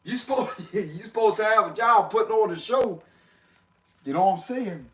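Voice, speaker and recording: Guy with a high voice doing a tarot reading on a live stream, laughing a lot, slangy. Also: lively intonation, moderate pace. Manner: slangy, laughs often, talks to viewers. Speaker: tarot reader. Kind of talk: casual livestream tarot reading.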